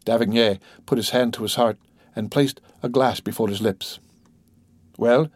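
A man narrating a classic novel as an audiobook in a steady, measured way. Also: fairly low pitch, dry recording. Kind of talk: scripted narration.

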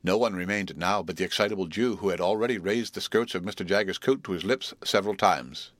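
A man narrates a classic novel in a measured, even storytelling voice. His pitch sits low. The recording is dry and close. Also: dry recording. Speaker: audiobook narrator. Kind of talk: scripted narration.

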